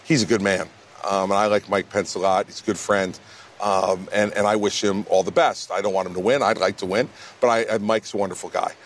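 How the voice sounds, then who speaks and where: A man's voice: lowish voice, steady tone, brisk. A man, a presidential candidate answering questions in a blunt, emphatic way in a TV news interview. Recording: faint background noise.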